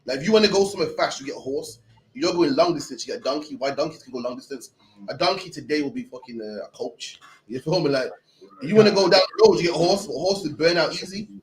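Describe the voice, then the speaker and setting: A young man runs a scripture class in rapid, streetwise talk, cursing and joking as he makes his points. His voice sits high and moves quickly. Faint noise hums underneath. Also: poor audio. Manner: streetwise, blunt, peppered with slang. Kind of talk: loose teaching talk.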